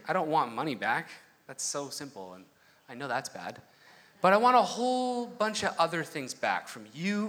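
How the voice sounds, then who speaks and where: A man's voice: fairly high pitch, sharp tone. A young man preaching a casual, conversational sermon, full of asides and personal stories. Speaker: pastor.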